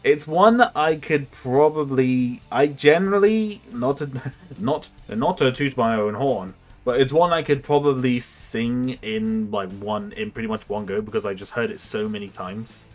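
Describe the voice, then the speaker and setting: A man's voice: medium pitch, a little slow, faint music behind. A young man chatting casually on a livestream, rambling and self-mocking, laughing often. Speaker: streamer.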